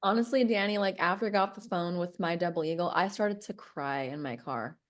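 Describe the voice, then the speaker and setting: A woman's voice: on the low side, a little fast. A woman guest on a podcast, earnestly recounting her own story in a casual way.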